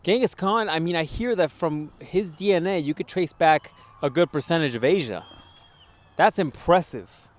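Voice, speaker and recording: A man co-hosting a casual podcast chat, animated and profane, often acting out scenes for his friend. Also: on the high side, normal speed. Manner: animated, profane, acts out scenarios. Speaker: podcast co-host.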